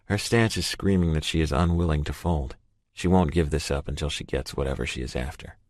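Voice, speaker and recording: A man narrating a first-person romance audiobook in a steady, measured way. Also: rumbling low, no room sound, clean studio sound.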